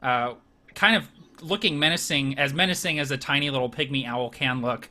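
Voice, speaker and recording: A man at a tabletop game calmly describes what his gnome character does. His voice is bright and clear-edged, and his pitch sits in the middle. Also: moderate pace, a little hiss or hum. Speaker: player.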